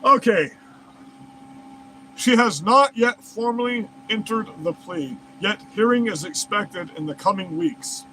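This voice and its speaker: Fired-up, high-voiced man ranting profanely. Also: animated, a little slow, sharp tone, slight background noise, low-quality recording. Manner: profane, heated, incredulous. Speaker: commentary host. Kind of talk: reading news aloud and ranting over it.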